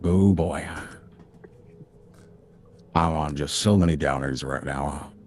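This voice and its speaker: A deep slow narrator. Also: male voice, darkish tone, a little hiss or hum. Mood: drowsy. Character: slow deep-voiced male storybook narrator. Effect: AI voice changer. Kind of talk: joking voice-chat impression.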